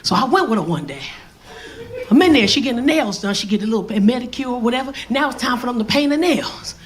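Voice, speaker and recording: Brash, high-voiced woman comedian. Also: fast talker. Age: 40s. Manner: brash, profane, animated storytelling. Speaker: stand-up comedian. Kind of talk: stand-up comedy set.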